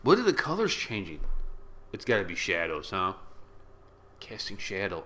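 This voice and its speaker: A man chatting loosely on camera in a small room, his voice bright and forceful and swinging all over the place. He jokes, rambles and every so often breaks into excited yells. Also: sits low, moderate pace, long pauses. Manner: joking, excitable, bursts into shouts. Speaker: reaction video host. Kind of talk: casual rambling commentary. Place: small room with yellow walls.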